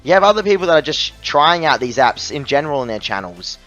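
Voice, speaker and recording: A man's voice: a little high, big pitch swings, fast talker, a bit bright, dull audio, soft background music. A man reviewing a phone app in a voice-over, ranting angrily and scornfully about being ripped off. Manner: angry, exasperated, scornful ranting.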